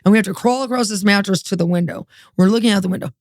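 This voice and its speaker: Woman, guest, testimony storytelling, animated, acts out voices, streetwise, mid pitch, dry close sound. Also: racing, dry recording.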